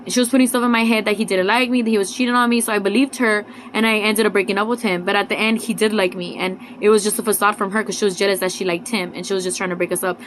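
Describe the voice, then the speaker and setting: A woman's voice: mid-range voice, fairly even intonation, rapid-fire, hardly any pauses, a little hiss or hum, rough recording. A young woman telling a personal story in a vlog. She rambles and confides, uses a lot of fillers and drops in Spanish words. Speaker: vlogger.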